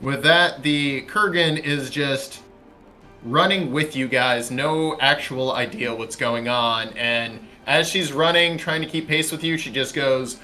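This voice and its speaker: A man's voice: medium pitch, measured pace, pushed and bright, soft background music. A man narrating as dungeon master for a tabletop game, loose with fillers.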